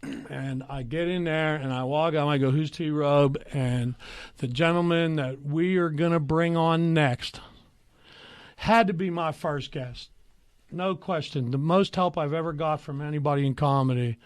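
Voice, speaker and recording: A young man hosts a comedy podcast with a slightly raised voice, joking in quick banter and turning sentimental now and then. The recording is dry and close-miked. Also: on the high side, smooth, no echo. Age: young adult. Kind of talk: casual chat.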